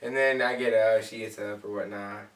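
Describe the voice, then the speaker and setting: A young man co-hosting a couple's channel, telling their story in a joking, mock-dramatic way, often trailing off softly. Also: fairly low pitch, fairly even intonation, normal speed. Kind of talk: casual storytelling chat. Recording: echoey room, far from mic.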